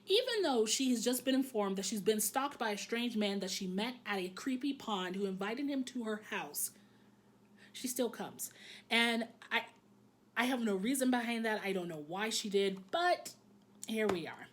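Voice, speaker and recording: A woman casually recapping an anime episode in a candid, joking way, swearing freely and filling pauses with "um". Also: on the high side, lively intonation.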